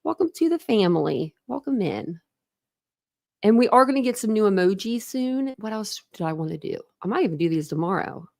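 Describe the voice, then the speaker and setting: A woman hosting a livestream, chatting casually and greeting her viewers one by one, warm and grateful toward them. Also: mid-range voice, sing-song, brisk, creaky, no echo, studio quality. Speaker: livestream host. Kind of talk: casual live chat with viewers.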